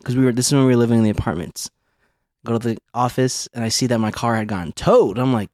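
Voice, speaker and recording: Male podcast co-host, mid-pitched, animated storyteller who swears freely, dry close mic. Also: brisk, dry recording. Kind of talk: casual chat.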